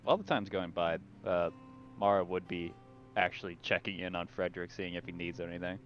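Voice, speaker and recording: A man playing in a tabletop game, talking quickly and laughing easily. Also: sits low, highs cut off, slight background noise. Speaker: player.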